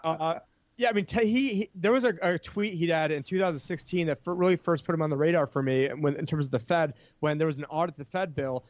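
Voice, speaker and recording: A man's voice: fairly high pitch, fast talker, no room sound, lo-fi sound. A man talking as a podcast guest, explaining finance with heated energy and many restarts. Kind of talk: casual podcast chat.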